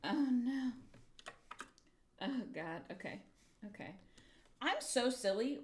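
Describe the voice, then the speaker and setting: Chatting casually with her stream as she crafts, a young adult woman mutters, swears and puts herself down. Her voice is a little high and lively in intonation, but her pace is slow. There's slight background noise.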